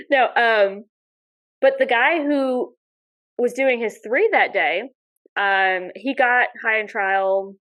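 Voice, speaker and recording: A woman guest on a podcast, telling lively stories in casual chat with some mild swearing. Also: a little high, slow pace, long pauses, low-quality recording. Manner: animated storyteller, mild swearing. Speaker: podcast guest, dog sport competitor.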